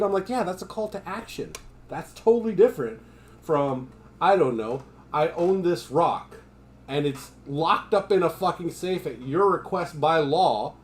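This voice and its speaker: A man's voice: a little high, lively intonation, a little slow. A man from the United States ranting his opinions in casual live-stream chat, swearing freely.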